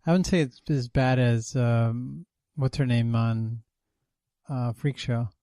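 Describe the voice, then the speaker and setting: Dude co-hosting, kinda hesitant, fumbles for words, dry mic. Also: male voice, mid-range voice, slow pace, warm tone, no echo. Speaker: podcast co-host. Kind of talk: casual TV review chat.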